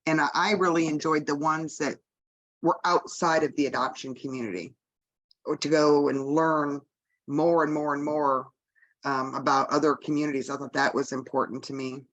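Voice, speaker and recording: A woman's voice: low-pitched, steady tone, normal speed, muffled recording. A woman hosting a casual video-call chat, reflecting chattily on feedback.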